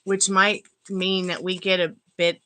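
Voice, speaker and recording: A woman's voice: fairly low pitch, flat delivery, unhurried, a bit bright, a little hiss or hum, rough recording. A woman giving a live-stream tarot reading, chatty and rambling and laughing often. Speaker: tarot reader. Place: at home.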